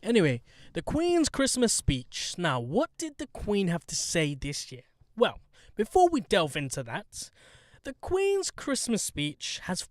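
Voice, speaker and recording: A man's voice: on the high side, no echo, clean studio sound. A man hosting a podcast, chatting in a blunt, joking, sweary way with lots of slang. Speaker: podcast host. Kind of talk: casual chat.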